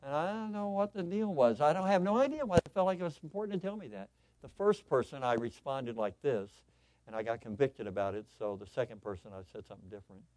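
A male pastor preaching a sermon, telling personal stories in an animated, excitable way with lots of repetition. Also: mid-range voice, quick pace, dry recording.

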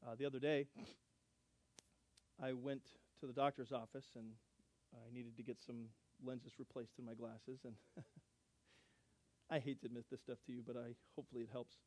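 A middle-aged man, a pastor, telling a story in a sermon with animated, self-deprecating humor and acted-out dialogue. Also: medium pitch, brisk, pauses often.

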